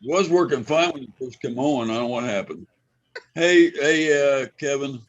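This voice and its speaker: A man's voice: mid-range voice, lively intonation, moderate pace. A man chatting casually about fishing, laid-back as he lists places. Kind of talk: casual chat.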